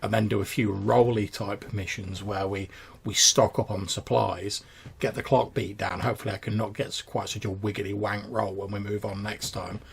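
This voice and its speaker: A tired man with a low, gravelly voice, talking about the game in a halting ramble full of restarts and casual swearing. A faint background hiss runs under the recording. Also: level tone. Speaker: player. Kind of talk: casual tabletop game chat.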